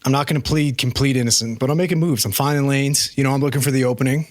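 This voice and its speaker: A man co-hosting a podcast, telling a profane, animated story in casual chat. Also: mid-range voice, fast talker, dry recording. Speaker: podcast co-host.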